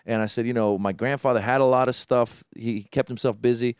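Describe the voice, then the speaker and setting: A man on a podcast telling a story in casual chat, animated, with many restarts and acted-out voices. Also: medium pitch, brisk, clean tone, no room sound, studio quality.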